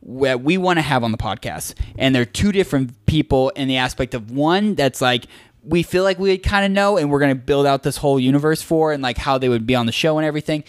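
A man's voice: mid-range voice, a little fast, no echo. Young male podcast co-host, loose rambling storyteller, dry close sound. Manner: rambling storyteller, heavy on "like" and "dude". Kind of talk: casual chat.

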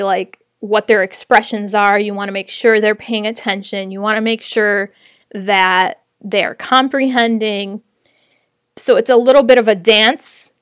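A woman's voice: fairly high pitch, a bit bright, dry recording, studio quality. A woman sharing practical tips on teaching online, in a friendly, conversational way with light laughs. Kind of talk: casual teaching tips to camera.

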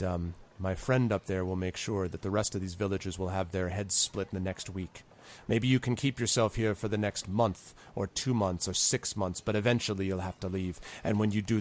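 Picture a cold, threatening villain who commands a small dragon, curt and quick to anger, as a game master puts him on. He speaks in a low, clipped way, with threats pushed out hard. The sound is a tabletop game voiced live. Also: fairly even intonation, close to an everyday voice. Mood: menacing. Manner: threatening, curt, short-tempered. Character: menacing male villain with a pet dragon.

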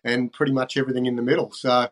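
An older man, a fishing TV presenter as guest, talking in a relaxed, halting way with many ums. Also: medium pitch. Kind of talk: casual interview talk.

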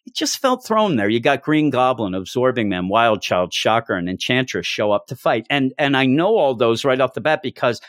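A man's voice: mid-range voice, very animated, normal speed, hardly any pauses, fairly bright tone, dry recording, studio quality. A man co-hosting a podcast, chatting casually about a comic issue and acting out character lines. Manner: acts out character lines in raised voices. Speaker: podcast co-host. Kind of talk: casual comic book review chat.

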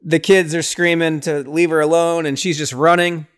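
A young man chats through a horror movie scene by scene, excitable and full of fillers, now and then jumping into a higher voice to act out a line. His voice sits a little high and sounds smooth and clear. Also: moderate pace. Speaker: podcast host recapping a film. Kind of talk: casual movie recap chat.

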